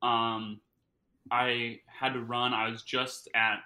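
A man's voice: mid-range voice, level tone, slow, sharp tone, rough recording. A man co-hosting a casual podcast, joking and rambling with lots of fillers, eating while he talks. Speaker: podcast co-host.

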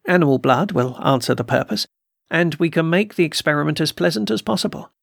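A man voicing a calm, deliberate occult doctor. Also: a little high, gravelly, no room sound, studio quality, full character voice. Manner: quiet, slow and deliberate. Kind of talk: audiobook character reading.

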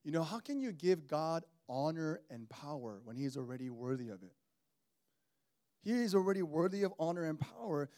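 A male pastor in his thirties delivers a sermon with a fairly high-pitched voice. He preaches in an animated, conversational manner and calls out to his congregation. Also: normal speed.

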